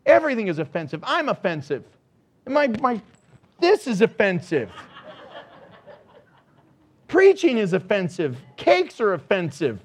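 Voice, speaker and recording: A man preaching a sermon with dramatic swings from soft asides to shouts, often acting out voices. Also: high-pitched, huge pitch swings, normal speed. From United States. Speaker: pastor.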